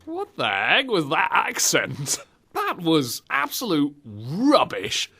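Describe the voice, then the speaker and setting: Lively jokey man. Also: on the high side, slow pace, vocal fry, noisy background. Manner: jokey, puts on silly voices and accents. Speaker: podcast host. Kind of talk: casual comedic game chat.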